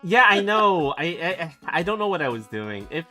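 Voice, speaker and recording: A man's voice: on the high side, very animated, normal speed, sharp tone. A man streaming casually, laughing often and teasing, stumbling over his words. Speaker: streamer and illustrator. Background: background music.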